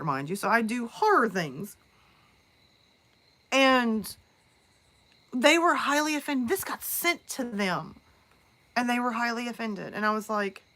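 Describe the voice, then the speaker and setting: Bright-voiced woman chatting on a live stream. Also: fairly high pitch. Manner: rambling, chatty storytelling with restarts. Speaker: horror narrator and live streamer. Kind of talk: casual live-stream chat.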